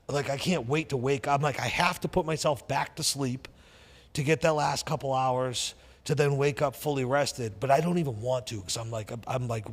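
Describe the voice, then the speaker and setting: A middle-aged man with a Boston accent, telling stories as a podcast guest in an intense, animated way. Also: mid-range voice, long reverb tail. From Boston area, USA. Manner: intense, animated, talks in rapid bursts. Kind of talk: casual interview storytelling.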